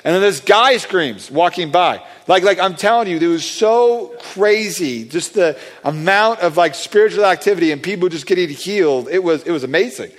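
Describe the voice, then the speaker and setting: A man excitedly telling a testimony story about praying for people, rambling with many fillers and restarts. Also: high voice, normal speed, few pauses. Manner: animated, acts out quoted voices. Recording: long hall reverb.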